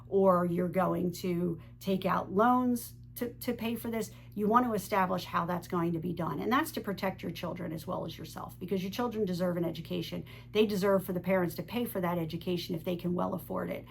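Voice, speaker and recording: Middle-aged woman host, gravelly low voice, earnest candid monologue, faint hum behind. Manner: earnest, candid storytelling with fillers. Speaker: divorce advice video host. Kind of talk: personal story and advice monologue.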